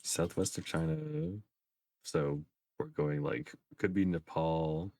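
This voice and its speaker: Young man, co-streamer, very deep voice, dry close sound, easygoing agreeable chat. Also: steady tone, warm tone, dry recording. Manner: easygoing, agreeable, quick back-channel replies. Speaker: co-streamer guest.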